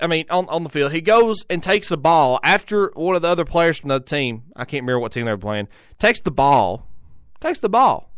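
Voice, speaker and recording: A young adult man from Tennessee, a sports radio host, runs a solo sports talk show, rambling with frequent restarts and repeated words. His voice is on the high side and a bit bright, in a dry, studio-quality recording.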